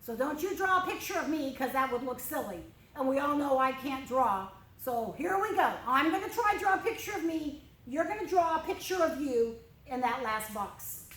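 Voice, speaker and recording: A woman's voice: high voice, expressive, moderate pace, hardly any pauses, a bit bright, roomy sound, poor audio. A woman teaching a children's church lesson, telling a Bible story expressively and speaking directly to the kids while she draws. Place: church room.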